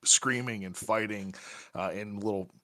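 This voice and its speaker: A man narrating a tabletop game as game master, talking in a halting way with many restarts and fillers. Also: on the low side, steady tone, bright, forceful tone, no room sound.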